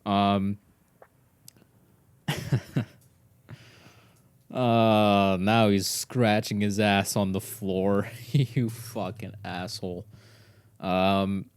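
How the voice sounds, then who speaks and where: A young man hosting a solo podcast, talking slowly in a dark, mellow voice. He rambles and swears at his dog, sometimes slipping into a whisper. The sound is dry and close to the mic. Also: fairly low pitch, clean tone, no echo. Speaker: podcast host.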